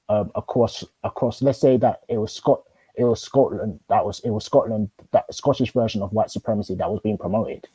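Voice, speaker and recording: A man's voice: lowish voice, mellow, slightly rough, no room sound, rough recording. A man arguing in a casual debate, probing with questions and stumbling through many restarts. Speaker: host.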